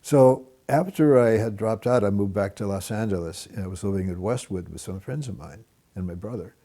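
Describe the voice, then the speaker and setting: A man's voice: fairly quick, warm tone. Man telling a story, voicing others. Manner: acts out quoted voices with big pitch jumps, laughs. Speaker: interviewee recalling the past. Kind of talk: animated storytelling.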